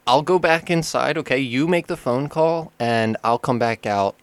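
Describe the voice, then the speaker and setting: A young man telling a work story in casual chat, rambling and animated, with lots of fillers. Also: medium pitch, normal speed, clean tone, no room sound. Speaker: store manager.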